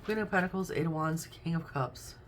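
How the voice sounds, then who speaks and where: A tarot reader with a low voice does a casual reading fairly quickly, chatting and thinking aloud as she names each card. Slight background noise is present.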